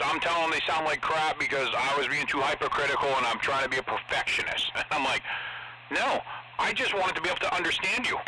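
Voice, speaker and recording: A man on CB radio chatting casually, opinionated and outspoken, with frequent swearing. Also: mid-range voice. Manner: animated, opinionated, profane. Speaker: CB radio operator. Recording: CB radio with loud noise.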